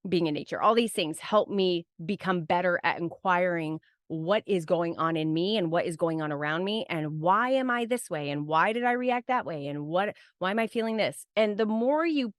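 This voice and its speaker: As a podcast guest, a woman with a lowish voice talks casually and reflectively, rambling and restarting with frequent "like" and "right?". It's a dry, studio-quality recording of relaxed interview talk.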